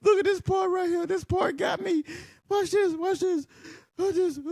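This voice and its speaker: A man hosting a film reaction video, talking over the scenes, swearing freely and bursting into loud laughter. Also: extremely high pitch, creaky, very noisy. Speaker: channel host.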